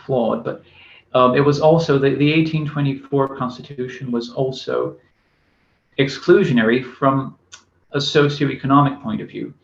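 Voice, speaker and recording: A man's voice: mid-range voice, vocal fry. Man lecturing with frequent hesitations, echoey. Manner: hesitant, many fillers and restarts. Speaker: university lecturer. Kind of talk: recorded academic lecture. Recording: echoey room, dull lo-fi sound.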